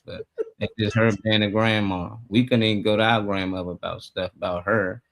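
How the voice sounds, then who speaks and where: A middle-aged man with a slightly low voice joins a casual talk show as co-host. He talks in a blunt, laid-back manner, trading family stories. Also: fairly even intonation, moderate pace. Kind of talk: casual chat.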